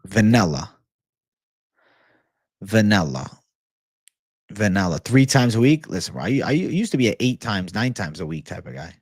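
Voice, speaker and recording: A man's voice: lowish voice, sing-song, a little fast, darkish tone, slightly rough, no room sound, clean studio sound. A young man hosting a casual livestream, swearing freely and calling everyone "bro" as he reads and answers chat comments. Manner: profane, loose, repeats "bro" constantly. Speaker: livestream host.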